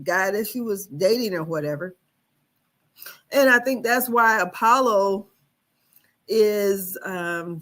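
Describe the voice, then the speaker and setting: A woman's voice: mid-range voice, fairly bright tone. A woman hosting a casual gossip commentary, rambling and hesitant as she recaps reality-show drama. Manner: rambling, hesitant, many fillers and restarts. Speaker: gossip channel host.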